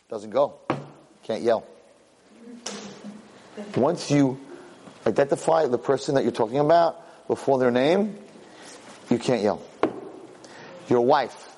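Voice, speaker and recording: A man teaching a Torah class, animated, jumping high when he acts out a yelling parent. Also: moderate pace, long pauses. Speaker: Torah lecturer. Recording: long hall reverb.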